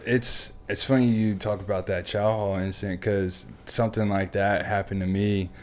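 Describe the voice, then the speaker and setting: A man's voice: lowish voice, fairly even intonation, moderate pace. A man hosting a podcast who tells stories in a casual, easygoing way, swearing freely and calling his guest man and dude. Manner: laid-back, swears freely, says "man" and "dude" often. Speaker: podcast host. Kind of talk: casual storytelling chat.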